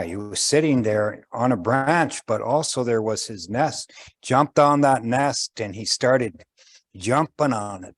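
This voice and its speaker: A man telling a traditional winter story in a slow, gentle way, pausing often and voicing the characters. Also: medium pitch.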